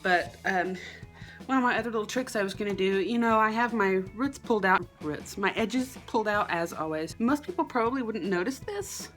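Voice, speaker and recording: A woman's voice: lively intonation, normal speed, fairly bright tone, soft background music. A young woman from South Carolina with a Southern accent, rambling chattily through a wig and makeup tutorial at home. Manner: chatty, rambling, self-deprecating, drops into a low murmur at times. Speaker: wig and beauty vlogger. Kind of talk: casual tutorial chat.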